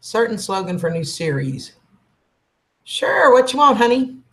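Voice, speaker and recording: A woman's voice: a little high, big pitch swings, unhurried, a bit bright. A woman, chatting casually and affectionately with her livestream viewers and calling them honey. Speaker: livestream host.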